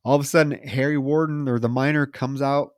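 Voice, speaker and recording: A man's voice: mid-range voice, fairly quick, dry recording, studio quality. A man co-hosting a podcast, casually retelling a movie scene by scene and acting out the characters' lines as he goes. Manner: animated retelling, quoting characters. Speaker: podcast co-host. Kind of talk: casual film recap chat.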